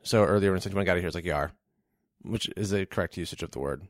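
A man co-hosting a casual podcast, playful, with quick interjections and frequent laughs. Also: low-pitched, no echo, studio quality. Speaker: podcast co-host.

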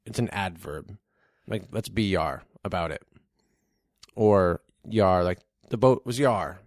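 A man co-hosting a casual podcast, playful, with quick interjections and frequent laughs. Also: low voice, dry recording, studio quality. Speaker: podcast co-host.

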